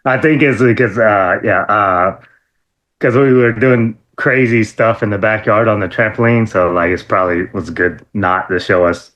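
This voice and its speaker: A man guest in an interview, telling stories in a casual, lively way, laughing often and full of fillers and restarts. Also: normal speed, highs cut off. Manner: animated, acts out quotes in a high excited voice. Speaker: interview guest, former wrestler.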